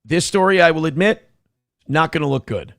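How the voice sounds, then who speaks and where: Host, male, gravelly, slightly high, dry close sound, crude mocking banter, bursts of shouting. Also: lively intonation, normal speed, no echo, faint music behind. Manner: crude, mocking, loud outbursts. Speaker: morning show host. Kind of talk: casual comedic commentary on news clips.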